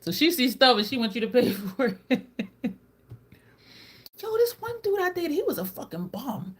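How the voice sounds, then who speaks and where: A woman in her thirties chatting casually to her viewers and telling animated, profane stories, laughing often and acting out what people said. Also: high-pitched, moderate pace, breathy edge. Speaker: YouTuber.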